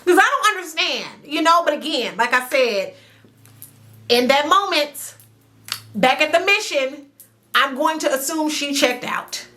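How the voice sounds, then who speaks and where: A high, bright woman's voice recapping a reality show to camera. She talks to the viewer directly, chatty and animated, and drags words out for emphasis. Recorded at home on a camera mic. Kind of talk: casual commentary to camera. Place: indoors at home near a sunny window.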